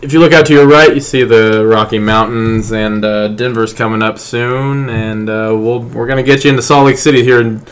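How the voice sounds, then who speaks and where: A man's voice: medium pitch, fairly even intonation, moderate pace, hardly any pauses, smooth, close to an everyday voice. A man voicing a chatty airline pilot with a southern twang, giving run-on cockpit announcements. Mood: calm chatty.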